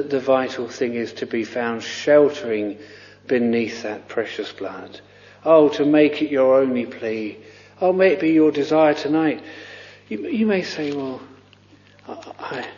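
A man's voice: mid-range voice, a little mellow. A man preaching a sermon with fervent cries of "oh" and many repeated words. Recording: lo-fi recording with long reverb.

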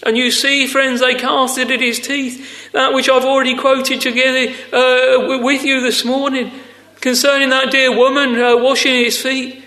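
A man delivers a sermon in an earnest, deliberate manner. His voice sits very high and sounds bright and forceful. It carries through a roomy hall with a long echo. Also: little pitch movement. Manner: earnest, deliberate, addresses listeners as friends. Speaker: preacher. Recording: echoey hall with long reverb.

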